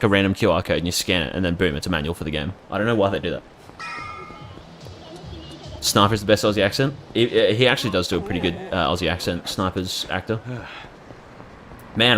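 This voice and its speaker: Deep-voiced man rambling over gameplay. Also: a bit bright, a little hiss or hum. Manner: rambling, chatty, casually profane. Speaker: streamer. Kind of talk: casual gameplay commentary.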